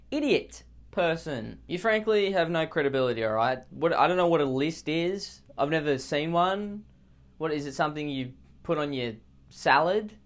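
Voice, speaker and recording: A man's voice: high voice, voice pushed up. A man doing a pompous, insulting politician. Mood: mocking. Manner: boastful, rambling, trades in childish insults. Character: pompous insulting male politician at a press conference.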